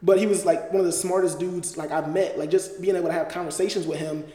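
A young man with a fairly high, mellow voice talks earnestly as a podcast guest, filling his sentences with "uh" and "like." He is recorded in a roomy space with a long reverb tail. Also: fairly even intonation, fast. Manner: earnest, explanatory, with frequent fillers. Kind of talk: casual discussion.

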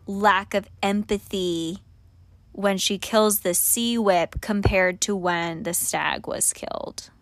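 A woman's voice: mid-range voice, slow pace, dry recording. A woman co-hosting a podcast in casual chat, playful and slangy, laughing often. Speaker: podcast co-host.

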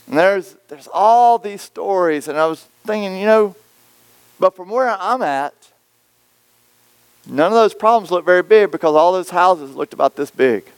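A man preaching a sermon, telling stories and acting out quoted voices with lively swings. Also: high-pitched, no room sound. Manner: storytelling, animated, acts out quoted voices. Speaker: pastor.

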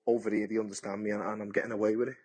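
A man's voice: lowish voice, flat delivery, very fast, heavy background noise. A man, a boxer talking bluntly and chattily in an interview, often repeating his words. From England. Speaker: boxer and TV pundit. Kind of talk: casual interview.

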